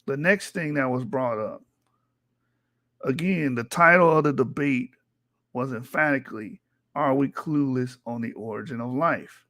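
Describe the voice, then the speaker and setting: A man's voice: mid-range voice, measured pace, fairly bright tone, no room sound. Combative, cursing male streamer, dry sound. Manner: combative and profane, with rising intensity. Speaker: livestream host. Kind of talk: heated livestream commentary reading from a textbook. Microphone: streaming mic.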